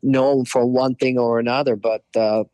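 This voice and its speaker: A man's voice: mid-range voice, moderate pace, dry recording. Russian-accented man telling stories. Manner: animated storyteller, acts out quoted voices, frequent "you know". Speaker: guest. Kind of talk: casual storytelling interview.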